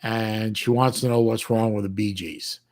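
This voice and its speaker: A middle-aged man from the United States hosting a livestream, chatting casually with his chat in a halting way with many restarts and folksy slang. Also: on the low side, fairly even intonation, darkish tone. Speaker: livestream host reading chat.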